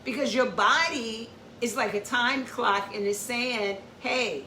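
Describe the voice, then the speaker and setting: A woman's voice: fairly high pitch, unhurried, bright, forceful tone, slight background noise. A woman hosting an informal educational talk, explaining step by step, repeating her points and checking in with "okay?". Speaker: host. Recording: echoey room, far from the mic.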